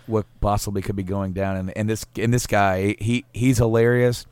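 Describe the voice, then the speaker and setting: A man's voice: lowish voice, flat delivery, normal speed, darkish tone, smooth, no room sound. A man co-hosting a casual podcast chat, rambling with restarts, laughing often and swearing casually. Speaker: podcast co-host.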